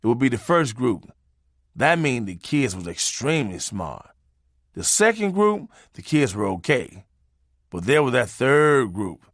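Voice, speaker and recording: A man narrating a comic memoir in a profane, preachy way, swinging his pitch for emphasis. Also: sing-song, a little slow, a bit bright, dry recording, clean studio sound.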